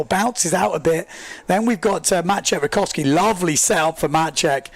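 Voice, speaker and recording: A man commentating a live race stream, excitable and chatty, joking at his own expense as he reads viewer comments. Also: fairly high pitch, normal speed, gravelly. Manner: excitable, chatty, self-deprecating, rambling with fillers. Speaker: livestream sports commentator.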